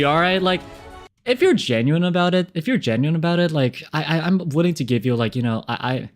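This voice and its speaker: Guy on stream reading viewer messages, animated, keeps laughing, soft music under. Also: a little high, fairly quick. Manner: animated, laughing, chatty asides. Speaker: streamer giving relationship advice.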